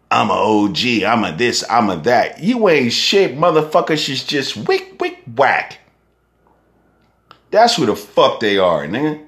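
A young Bay rapper rants in a heated, profane monologue. His pitch swings widely as he fires off rhetorical questions, and he keeps a slow, deliberate pace. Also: a bit bright. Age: young adult.

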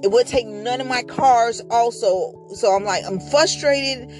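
With faint music in the background, a devout podcast host rambles casually through a personal story, using many fillers and often bringing up God. She speaks at a measured pace in a fairly high, slightly mellow voice.

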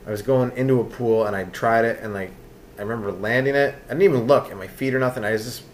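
Guy rambling on his comedy podcast, lots of "you know", mid-pitched voice, bit of background hiss. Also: quick pace. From Canada. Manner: loose, meandering, full of fillers and asides.

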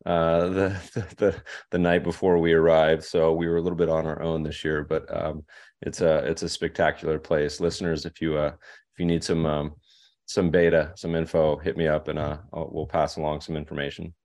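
Low voiced guy on a podcast, rambly, lots of ums and restarts. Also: level tone, normal speed, a little mellow. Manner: rambling, with many fillers and restarts. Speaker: podcast guest, investor. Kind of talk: casual podcast conversation.

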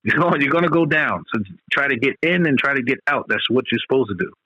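A man's voice: medium pitch, lively intonation, fast talker, bright, forceful tone, slightly rough, dry recording, lo-fi sound. A man in casual podcast chat, talking loosely and profanely, rambling between points with lots of restarts.

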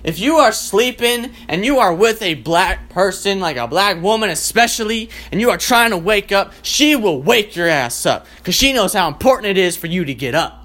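A man's voice: high-pitched, expressive, normal speed, few pauses, fairly bright tone. Man on a rambling, profane comic rant. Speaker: comedian.

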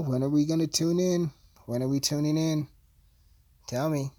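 A man's voice: a little high, steady tone, normal speed, long pauses, dark tone. A man hosting his podcast, ranting in a heated, profane, casual way. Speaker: podcast host.

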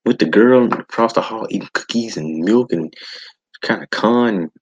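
A man's voice: lowish voice, normal speed, husky, muffled recording. A man hosting a podcast, ranting in a casual, exasperated way with sighs and restarts. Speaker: podcast host. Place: home setup.

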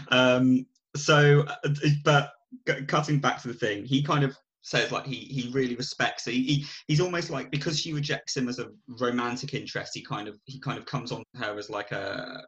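A man co-hosting a podcast, retelling a film's plot in animated, rambling casual chat and laughing often. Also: medium pitch, moderate pace. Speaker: podcast co-host. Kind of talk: casual film review chat.

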